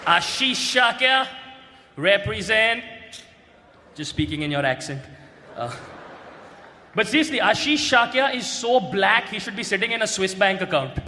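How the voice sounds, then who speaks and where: A man doing a stand-up roast set, brash and often shouting his punchlines on a stage mic. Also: high-pitched, lively intonation, normal speed. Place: large hall with a live audience. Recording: echoey hall, loud crowd and noise.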